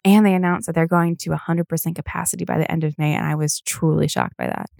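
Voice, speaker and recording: Low, gravelly-voiced tired woman podcaster. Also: fairly even intonation, fast, a little mellow, no echo, clean studio sound. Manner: rambling, filler-heavy, swears casually. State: tired, yawning. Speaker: podcast host. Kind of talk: casual solo chat.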